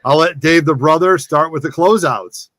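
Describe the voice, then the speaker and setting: A man's voice: on the high side, normal speed, a bit bright, no room sound. A man hosting a casual live-stream chat. He reacts eagerly and repeats exclamations. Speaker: show host.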